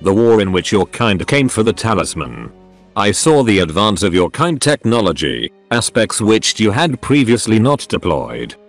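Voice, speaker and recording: Brief: a synthetic man reads a formal, menacing machine sorcerer in a storybook tale, low and lively in pitch. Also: moderate pace, soft background music. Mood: cold. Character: cold ancient male robot sorcerer, scheming.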